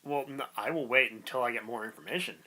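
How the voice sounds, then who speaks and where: A man's voice: medium pitch, quick pace, rough recording. A man co-hosting a podcast, skeptically arguing his points in casual chat. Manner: skeptical, argues his point with animated swings. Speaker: podcast co-host.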